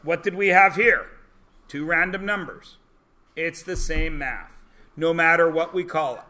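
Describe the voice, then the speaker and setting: A man teaching a math class, animated and joking, explaining word problems and telling stories to his students. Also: a little high, moderate pace. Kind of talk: classroom lecture.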